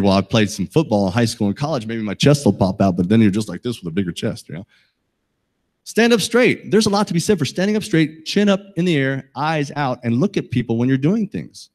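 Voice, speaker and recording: A man's voice: mid-range voice, darkish tone. Middle-aged guy doing a safety talk, jokey, keeps asking the crowd stuff. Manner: folksy, joking, asks the audience questions. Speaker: safety presenter. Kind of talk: talk to a live audience.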